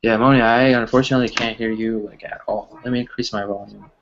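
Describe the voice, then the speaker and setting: Male teacher, mid pitch, patient, keeps asking "right?", slightly muffled video-call audio. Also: steady tone, fast talker, background noise. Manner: explains patiently, asks "right?" constantly. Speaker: English teacher. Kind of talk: online class teaching.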